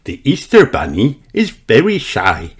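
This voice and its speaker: Guy doing a soft gentle mommy bunny voice, kids storybook. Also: medium pitch, huge pitch swings, unhurried, noisy background. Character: gentle mother rabbit, calm and kind. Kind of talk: storybook read-aloud.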